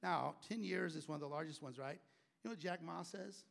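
A man's voice: fairly high pitch, a little fast, creaky, fairly bright tone. A middle-aged man preaching a sermon in a conversational way and acting out the voices of people he quotes. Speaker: pastor.

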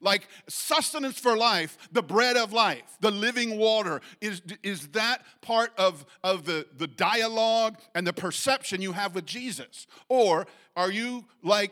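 Animated preaching man, higher pitch. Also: normal speed, hardly any pauses. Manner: animated preaching with sudden pitch rises, restarts and fillers. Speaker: pastor. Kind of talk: sermon.

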